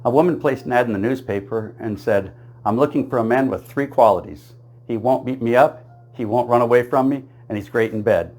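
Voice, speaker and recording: A man runs through one joke after another at an even, middle pitch. His delivery is dry and unhurried. He keeps the setups plain and now and then laughs at his own punchlines. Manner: deadpan storytelling, laughs at own jokes. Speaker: comedian telling jokes. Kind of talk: joke-telling monologue.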